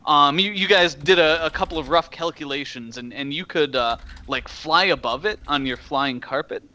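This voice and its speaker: A man with a bright, forceful voice runs a tabletop game as game master. He narrates the scene in a loose, halting way, with plenty of ums and restarts. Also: medium pitch. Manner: hesitant, many fillers.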